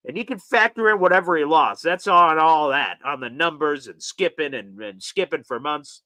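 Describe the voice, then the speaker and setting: A man's voice: sits high, big pitch swings, moderate pace, bright, forceful tone, no echo. A man hosting a live sports reaction show, ranting with exasperated sarcasm and frequent profanity.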